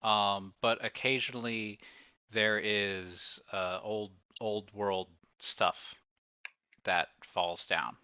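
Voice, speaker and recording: Slow, bright-toned game master man. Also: lowish voice, steady tone, clean tone, dry recording, muffled recording. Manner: hesitant, many fillers. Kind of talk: narrating a tabletop game.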